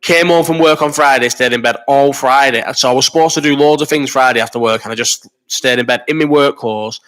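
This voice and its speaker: A man's voice: medium pitch, fairly bright tone. A man in his thirties hosting a live chat, rambling and swearing while reading out viewer comments, ill with a cough. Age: 30s. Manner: rambling and sweary, quick banter. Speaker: host of a live chat stream.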